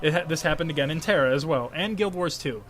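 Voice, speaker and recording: Animated young man telling a gaming story. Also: a little high, quick pace. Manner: animated storyteller, acts out quotes with a raised voice, laughs often. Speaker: podcast co-host. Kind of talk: casual gaming podcast chat.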